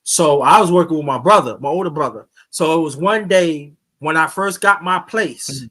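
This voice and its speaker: A man's voice: a little high, normal speed, fairly bright tone. A man hosting his channel, casually telling a personal story in a rambling way, repeating himself and restarting sentences. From New York. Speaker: YouTube channel host. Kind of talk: casual storytelling on a live chat.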